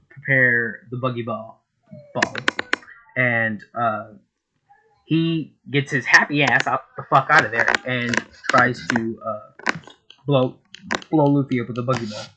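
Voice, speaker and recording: A man casually narrating fan fiction in a rambling, profane way with lots of fillers. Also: mid-range voice. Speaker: YouTube storyteller. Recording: noisy home recording.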